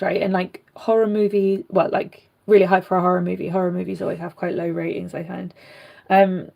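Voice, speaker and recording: Young brit woman vlogging, rambly chatty, lots of ums, kinda gravelly fry in her voice. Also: mid-range voice, darkish tone. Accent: British. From Britain. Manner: rambling, chatty, many fillers and asides. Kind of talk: casual chat while rerooting a doll.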